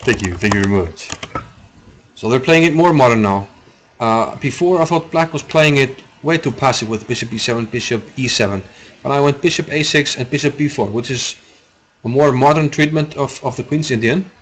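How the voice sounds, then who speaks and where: A man's voice: mid-range voice, fairly quick. Chatty man commentating chess. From Iceland. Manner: rambling, chatty, answers chat, laughs often. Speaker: chess streamer commentating a live game. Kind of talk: casual live commentary.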